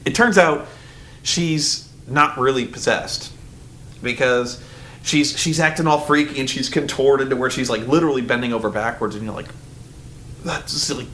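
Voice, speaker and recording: A man's voice: medium pitch, normal speed, fairly bright tone, slight background noise. A man giving a casual spoken movie review, rambling loosely with lots of "like" and swearing. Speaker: film reviewer.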